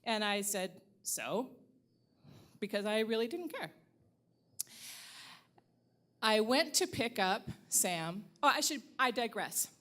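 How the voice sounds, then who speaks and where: A woman's voice: a little high, animated, moderate pace, few pauses, fairly bright tone. A middle-aged woman from the Upper Midwest, telling a personal story at a live storytelling event in a wry, candid way and swearing freely.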